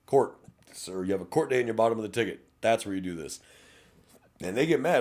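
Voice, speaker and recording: A middle-aged man talks on a podcast as a police officer. His low voice rises and falls widely as he tells stories. His delivery is blunt and full of swearing. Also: fairly quick. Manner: blunt, profane, animated storytelling. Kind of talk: casual podcast chat.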